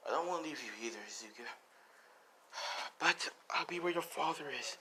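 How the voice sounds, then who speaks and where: A man voicing a gentle, loving mother on her deathbed, speaking weakly in a hushed, partly whispered voice. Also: on the high side, lively intonation, brisk, slight background noise, pitched above the performer's own voice, heavily acted, poor audio. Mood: frail, tender.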